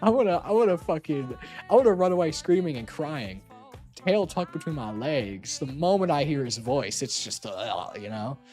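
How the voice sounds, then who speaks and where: A young adult streamer talks in a loose, casual chat, teasing and laughing often and swearing now and then. The pitch swings widely up and down while staying in a middle register. Faint music plays quietly underneath. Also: expressive, normal speed.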